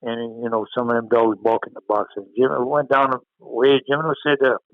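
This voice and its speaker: A man's voice: medium pitch, fairly quick, no room sound. A man with a Cajun accent telling a story in a laid-back way with dry humor. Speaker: guest. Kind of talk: casual storytelling. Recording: tinny phone-line sound.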